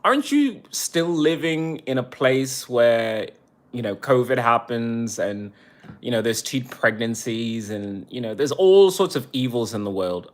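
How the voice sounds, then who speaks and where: A man's voice: medium pitch, lively intonation, measured pace. A man streaming live, ranting in a heated, profane way and turning sarcastic as he reads the chat. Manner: sarcastic when reading chat. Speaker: livestreamer. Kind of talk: angry livestream rant.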